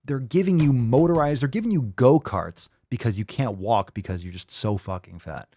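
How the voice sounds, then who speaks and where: A man's voice: mid-range voice, moderate pace, dark tone. A man hosting a show, ranting in profane, sarcastic commentary and mocking the people he quotes. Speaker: host.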